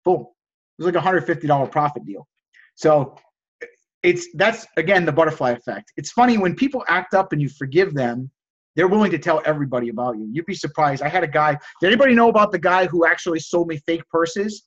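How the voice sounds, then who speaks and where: Fast, high-pitched motivational man. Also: lo-fi sound. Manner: energetic, repeats key phrases for emphasis. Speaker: sales and reselling coach. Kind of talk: casual motivational group talk.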